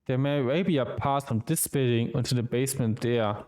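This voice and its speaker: A man streaming a visual novel, reading the game's dialogue aloud with quick asides of his own. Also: medium pitch, darkish tone.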